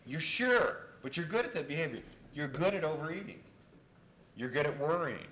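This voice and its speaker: A man giving a university lecture in an animated storytelling way, on an old reel-to-reel tape. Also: a little high, normal speed. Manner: animated, loud when acting out exchanges. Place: lecture hall. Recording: old reel-to-reel tape, echoey lecture hall, faint hiss.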